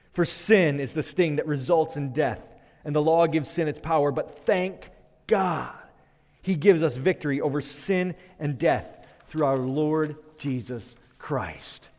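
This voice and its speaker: Preacher in a reverberant hall. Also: male voice, darkish tone. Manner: builds in rhythmic rising refrains, then drops low. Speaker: pastor. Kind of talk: sermon.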